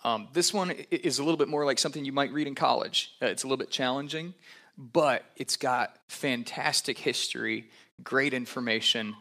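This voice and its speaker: A man, a pastor, giving a relaxed, conversational sermon with frequent fillers and asides. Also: mid-range voice, moderate pace.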